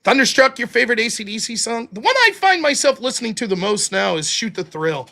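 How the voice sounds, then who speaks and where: A man's voice: very high-pitched, a little fast, gravelly. A man with a Pittsburgh accent, hosting a live stream and rambling casually with swearing. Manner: rambling, profane, lively. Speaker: livestream host.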